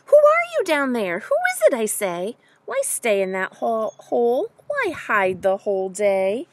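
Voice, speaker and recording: A woman voicing a friendly, eager young male bear in a children's storybook, asking questions over and over and then warmly inviting a shy animal out. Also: medium pitch, very animated, slow, no room sound, exaggerated voice. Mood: pleading, curious. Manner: insistent, questioning, welcoming.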